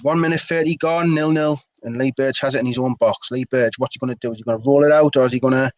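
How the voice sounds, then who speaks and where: A man's voice: mid-range voice, steady tone, fast talker, no room sound, highs cut off. A young man giving play-by-play commentary of a football match for a fan stream, talking loosely and steadily.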